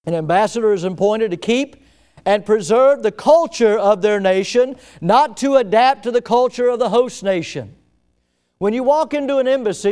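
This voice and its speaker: A man preaching a sermon as pastor, telling stories and acting out scenes with lively emphasis. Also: high voice, clear, resonant tone. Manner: storytelling preacher, animated, acts out scenes.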